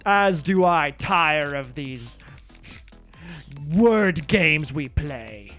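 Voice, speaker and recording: A man voicing a calm ex-Soviet male scientist, speaking low, soft and slow in a deadpan way. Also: soft background music, full character voice.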